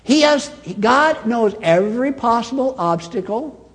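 A man preaching a sermon as pastor, with dramatic swings between loud and soft and quick and slow. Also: very high voice, long reverb tail. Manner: animated preaching with dramatic swings in loudness and pace.

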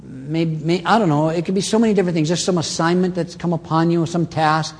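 A man preaching a sermon as pastor, with dramatic swings between loud and soft and quick and slow. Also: on the high side, big-room sound. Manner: animated preaching with dramatic swings in loudness and pace.

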